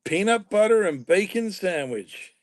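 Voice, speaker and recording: A man's voice: high-pitched, a little slow, no room sound, poor audio. Easygoing man with a dry close sound. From Canada. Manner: easygoing, relaxed, often trails off quietly. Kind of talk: casual live-stream chat.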